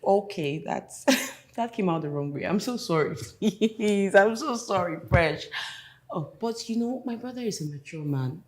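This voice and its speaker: An actress playing a playful young woman with a teasing, expressive manner. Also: medium pitch, a little slow, natural voice. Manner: teasing, expressive, laughing easily. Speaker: the boss's sister.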